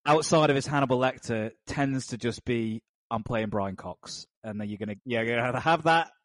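A man's voice: mid-range voice, a little fast, dry recording. A man rambles wryly about a film, circling back on his words with fillers. The sound is dry and close, with no room around it. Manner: rambling, many fillers and restarts, wry. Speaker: podcast co-host. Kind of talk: casual film podcast chat.

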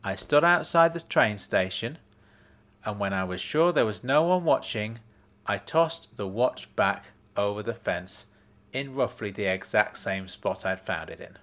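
A man narrating a first-person story in a measured, matter-of-fact way. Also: fairly low pitch, lively intonation, fairly bright tone.

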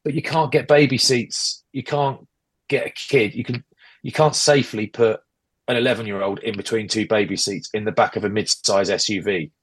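A British man in his forties launches into a breathless, exasperated rant on a chatty podcast. His voice is low and a little husky, and it comes through earbuds rather than a proper mic. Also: fairly even intonation. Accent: British English. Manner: rapid rambling rant, exasperated. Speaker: podcast co-host. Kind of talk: casual chat. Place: relative's house indoors. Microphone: AirPods earbuds.

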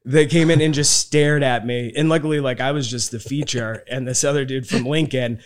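A man's voice: mid-range voice, fairly even intonation, brisk. A man, a stand-up comedian, telling a self-deprecating story in a laid-back podcast chat.

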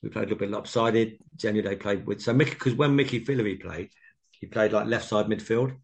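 A former footballer in his sixties telling long anecdotes in an interview. His voice is low and gravelly, and he rambles, restarts and jumps between memories. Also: quick pace. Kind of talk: casual interview.

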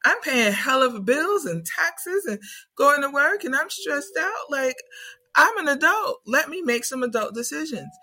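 A woman's voice: sits high, very animated, measured pace, bright, forceful tone, voice pushed up, exaggerated voice. A woman doing a whiny stressed young adult. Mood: exasperated. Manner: whiny, exasperated.

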